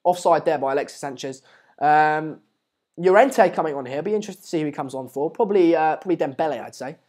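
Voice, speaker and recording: A man's voice: a little high, quick pace, darkish tone. A man talks through a live match watchalong in a loose, rambling way. His talk is full of fillers and restarts. He keeps calling on viewers to subscribe between comments on the play. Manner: repeatedly urges viewers to subscribe. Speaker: live-stream host.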